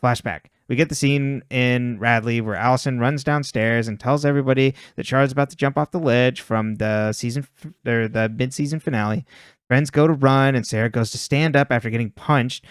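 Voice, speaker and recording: A man talks through a story recap in a relaxed, conversational way. His voice is smooth and clear, and his tone is wry. The room sounds dry and close. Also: medium pitch, moderate pace, no echo. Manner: recaps plot in a plain, wry tone and laughs often. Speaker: podcast co-host recapping episodes. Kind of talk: casual chat, reading a plot recap.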